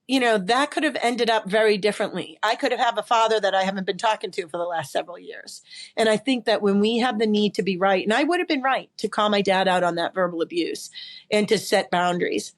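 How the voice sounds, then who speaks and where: A woman who is a podcast guest and body language expert, telling a personal story in an emphatic, animated way, often repeating words. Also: mid-range voice, quick pace. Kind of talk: conversational storytelling interview.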